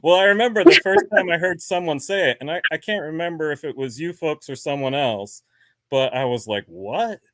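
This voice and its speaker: Animated man with a New Jersey accent. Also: on the high side, a little fast, no room sound. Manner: animated storyteller, acts out quoted voices. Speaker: guest beekeeper. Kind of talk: casual chat.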